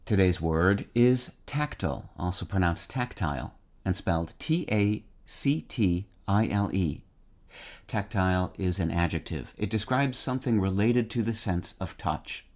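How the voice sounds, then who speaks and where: Deep-voiced man reading a word of the day. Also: darkish tone. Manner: measured, precise, spells words letter by letter. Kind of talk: scripted dictionary podcast reading.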